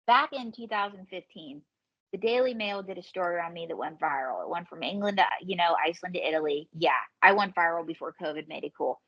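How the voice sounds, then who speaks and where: A woman comedian and ventriloquist telling lively, swearing anecdotes as a podcast guest. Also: fairly low pitch, muffled recording. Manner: animated storyteller, swearing, quick quoted voices. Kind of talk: casual podcast storytelling.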